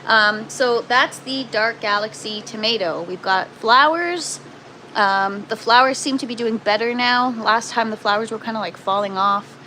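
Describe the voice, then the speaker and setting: Woman with a Canadian accent, host of a casual grow-tent livestream, pitch a touch high, chatty and self-deprecating, faint hum underneath. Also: unhurried, pushed and bright, low-quality recording. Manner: chatty, self-deprecating, reads out viewer comments.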